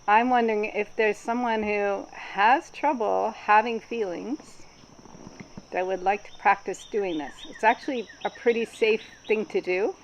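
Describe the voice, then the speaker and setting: A woman facilitating a group workshop, explaining in a calm, explanatory way with frequent ums. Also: medium pitch, slight background noise, low-quality recording.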